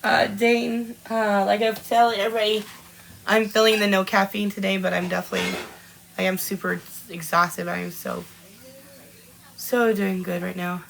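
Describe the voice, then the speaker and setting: Bright, gravelly-voiced woman in her forties. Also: medium pitch, little pitch movement, moderate pace, a little hiss or hum, rough recording. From Washington State, USA. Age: 40s. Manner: chatty, greets viewers by name, laughs often. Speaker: podcast host on a live stream. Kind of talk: casual chat reading out live comments.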